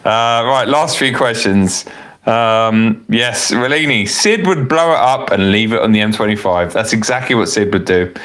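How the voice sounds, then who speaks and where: A man's voice: lowish voice, normal speed, fairly bright tone. A man hosting a casual live Q&A about cars, chatting in a rambling, self-correcting way and a little tipsy from wine. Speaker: car vlogger hosting a live Q&A. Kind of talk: casual live-stream chat reading viewer comments.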